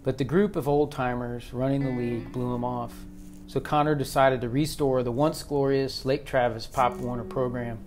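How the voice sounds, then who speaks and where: A man narrating an audiobook at a steady, measured pace. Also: medium pitch.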